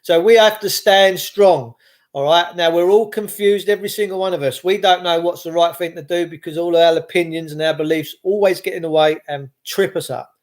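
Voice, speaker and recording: A man's voice: sits high, a little fast. A middle-aged man delivering an impassioned, rambling monologue, repeating himself and restarting phrases. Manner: impassioned, repetitive, with frequent restarts.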